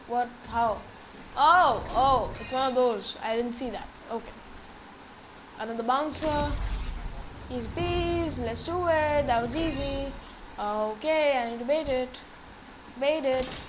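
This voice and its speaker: A gaming channel host giving excitable live commentary on his own play, talking to himself as he goes. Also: high voice, background noise. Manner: excitable, talks to himself while playing.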